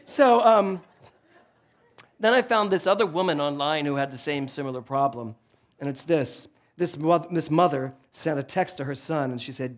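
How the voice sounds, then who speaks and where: A male minister delivering a sermon in a church, telling humorous stories in an animated, joking way into a handheld microphone. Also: a little high, normal speed. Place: church sanctuary before a congregation.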